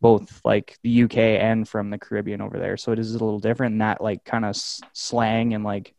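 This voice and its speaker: A man's voice: on the low side, flat delivery, a little fast, gravelly, darkish tone, dry recording. Rambling man, dry close sound. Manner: rambling, emphatic, swears casually. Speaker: podcast host. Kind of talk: casual chat.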